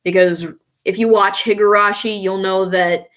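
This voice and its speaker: A woman chatting casually on a live stream, reading viewer comments and reacting with excitable, frequent laughter. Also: medium pitch, normal speed.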